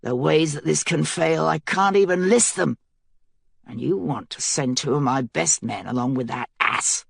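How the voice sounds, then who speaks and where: A woman voicing a gruff, grizzled male guard captain who growls and mutters bluntly. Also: low-pitched, unhurried, no room sound, full character voice. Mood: growling.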